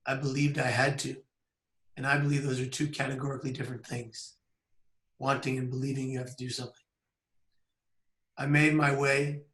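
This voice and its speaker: A man in his thirties telling a personal story on camera in an earnest, measured way with pauses. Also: medium pitch, fairly bright tone, reverberant. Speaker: public speaker. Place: outdoors by a bridge.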